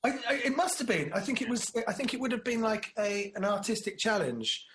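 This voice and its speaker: A man talking in a loose, rambling way, full of jokes, with a slightly higher-than-usual voice. He drifts between stories and acts out little quotes as he goes. Casual back-and-forth chat. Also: animated, fairly quick, a bit bright, slight background noise. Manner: rambling, jokey storyteller who acts out quotes. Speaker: podcast co-host.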